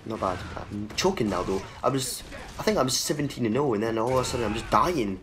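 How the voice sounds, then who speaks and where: A young man commentating his own gameplay for his channel, excitable and swearing freely as he talks at the players on screen. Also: medium pitch, fast talker. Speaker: gaming channel host. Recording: game sounds under the voice, clearly audible.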